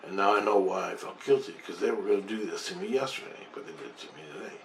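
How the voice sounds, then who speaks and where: A man's voice: deep voice, quick pace, creaky. A middle-aged man telling a long personal story in a rambling, profane, intense way. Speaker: vlogger telling his own experience. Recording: echoey room with faint background noise.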